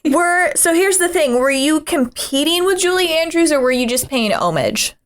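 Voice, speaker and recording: Rambly woman co-host, kinda high voice, laughs a lot. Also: expressive, moderate pace. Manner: chatty, rambling, laughs often. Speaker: podcast co-host. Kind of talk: casual chat.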